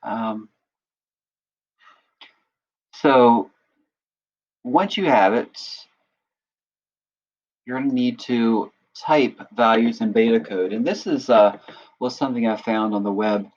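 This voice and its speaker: A man acting as instructor, patiently walking through a software tutorial and often checking in with listeners. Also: mid-range voice, slow, long pauses, highs cut off. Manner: patient step-by-step explaining, often checks in with "right?". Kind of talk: screen-recorded software tutorial.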